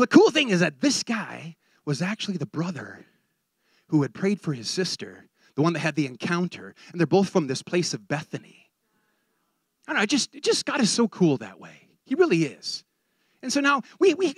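A man preaching a sermon in an animated way, often repeating words as he builds a point. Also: sits high, husky, dry recording, clean studio sound.

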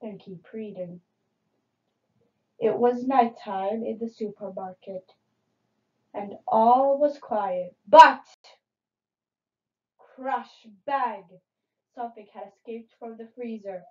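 A woman reading children's picture books aloud in an expressive, dramatic way, in a dull lo-fi recording. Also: on the high side, slow, pauses often. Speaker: storybook reader.

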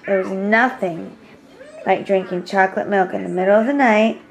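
A woman's voice: mid-range voice, normal speed, poor audio. A young woman hair stylist rambling through a casual vlog at home. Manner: rambling, chatty, slips into whispers.

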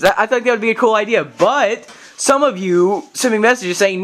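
A man's voice: sits high, moderate pace, few pauses, fairly bright tone. A man vlogging to camera, telling an exasperated, profanity-laden story as a gaming vlogger. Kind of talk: casual vlog rant to camera.

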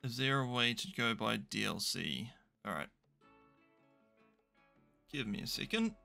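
A man's voice: mid-range voice, animated, a little slow, creaky, bright, forceful tone, faint music behind. A young man commentating a management game, chatty and thinking aloud with dry, self-mocking asides. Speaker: gaming YouTuber. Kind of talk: casual let's play commentary.

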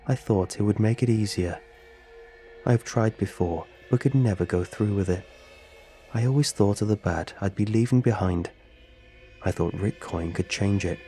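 A man voicing a flat robotic suicide-note voice. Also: lowish voice, lightly acted. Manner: monotone, without intonation. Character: flat robotic text-to-speech voice of a dying man's note.

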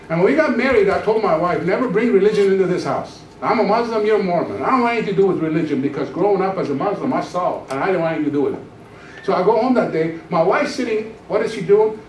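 A man in his thirties preaches his testimony with a lively, swooping delivery, sinking to a near-whisper for the dramatic beats. His voice sits a bit high for a man. It is picked up from a distance in an echoey church hall, with faint room sound behind. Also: slight background noise. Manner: storytelling, acts out his own past voice with dramatic drops to a hush. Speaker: pastor. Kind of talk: testimony sermon. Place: church sanctuary.

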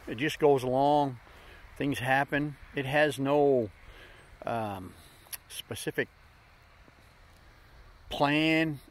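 A middle-aged man hosting a daily vlog, giving folksy, upbeat motivational talk in plain slang. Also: mid-range voice. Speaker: vlog host.

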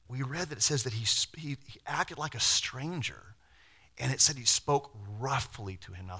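Animated preacher man, bright voice. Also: mid-range voice. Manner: animated, conversational preaching with sudden loud and quiet swings. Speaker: pastor. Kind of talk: sermon.

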